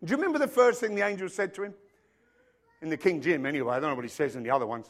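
A male preacher delivering a sermon, swinging between loud emphatic declarations and quiet joking asides. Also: a little high, racing. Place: church hall with stage lights.

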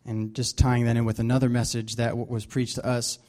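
Warm-voiced man giving a halting sermon. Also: mid-range voice, level tone. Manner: halting, many restarts and fillers. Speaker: Bible study leader. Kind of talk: casual sermon.

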